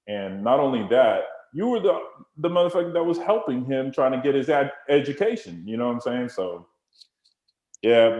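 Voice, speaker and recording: A low-pitched man host drives home a point in a reflective, casual way, often saying "you know". His voice echoes around the room he is recording in. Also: a little mellow. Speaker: podcast host. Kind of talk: casual interview chat. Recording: roomy echo.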